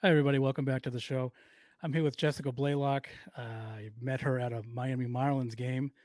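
Brief: Boston-accented podcast host, rambling and excitable, quick delivery, dry close sound. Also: male voice, medium pitch, no echo. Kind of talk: casual interview chat.

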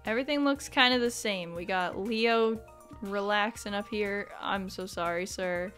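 A young woman hosting a let's play, chatting bubbly and excitable, bursting into squeals. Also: mid-range voice, measured pace, soft background music. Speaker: gaming channel host.

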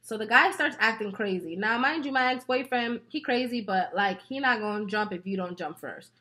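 A woman beauty vlogger tells a long personal story while applying makeup. Her voice is bright with a sharp edge, and she keeps her delivery lively, casual and peppered with swearing and laughter. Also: on the high side, moderate pace, slight background noise. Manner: animated and profane, laughing often.

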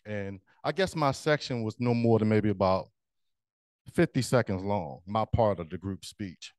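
A man's voice: fairly low pitch, moderate pace, darkish tone, no room sound. Man telling a humorous story. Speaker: joke master at a speaking club meeting. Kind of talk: storytelling speech.

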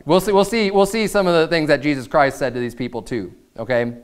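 Clear-voiced American man preaching a sermon. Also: on the high side, fast talker, few pauses. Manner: preaching with rising intensity, reading scripture aloud. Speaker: pastor.

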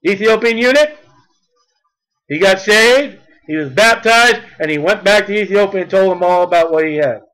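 A male preacher with a notably high voice gives a fervent sermon at a moderate pace, climbing toward near-shouting when he drives a point home. The audio quality is poor.

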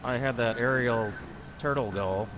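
A man's voice: mid-range voice, unhurried. A man chatting casually with a friend while they play a game together. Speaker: gaming friend on voice chat. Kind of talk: casual gaming chat. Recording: audible background noise.

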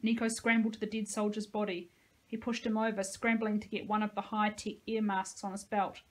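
A woman, a teacher, reading a novel aloud with expressive, dramatic storytelling. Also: medium pitch, brisk, rough recording.

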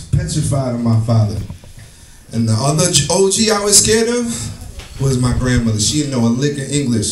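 A man doing a profane, animated stand-up comedy set on a club stage, acting out the people in his stories. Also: mid-range voice, background noise. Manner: profane, animated, acts out characters. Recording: echoey live room, distant, music behind.

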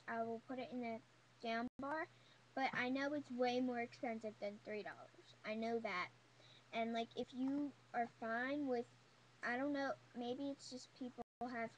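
A woman's voice: sits high, a little hiss or hum, low-quality recording. Gushing young woman beauty vlogger. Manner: gushing, chatty, full of "like" and "oh my god". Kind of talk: casual haul video chat.

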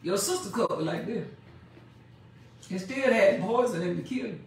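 A woman preaching a sermon. She reads scripture slowly and with emphasis, then explains it in plain everyday speech. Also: mid-range voice, animated, gravelly, a little mellow, slight background noise. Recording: echoey room, mic far off.

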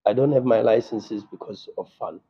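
A man's voice: fairly low pitch, normal speed, breathy edge, lo-fi sound. A South African man, a football coach at a post-match press conference, speaking with passion and frequent stammering restarts. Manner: impassioned, repetitive, stammering restarts.

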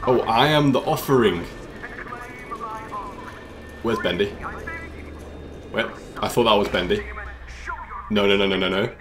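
Excitable young British man gaming. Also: on the low side, unhurried, long pauses, noisy background. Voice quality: jumpy, exclamatory, jokey. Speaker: gaming YouTuber. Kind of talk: excited let's-play commentary.

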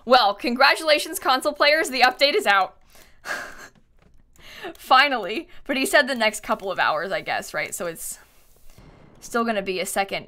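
A woman giving excitable live gaming stream commentary, swinging between panicked shrieks and quiet muttering. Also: a little high, moderate pace, long pauses.

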